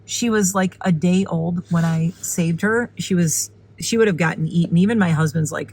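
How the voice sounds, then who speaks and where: A woman vlogging casually while filming birds from her car and yard, chatty and excitable, sometimes out of breath. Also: normal speed, few pauses, breathy edge, poor audio. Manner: excited and chatty, breaks into high squeals when calling her turkey. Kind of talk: casual vlog narration. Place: in a car and outdoors in a windy yard.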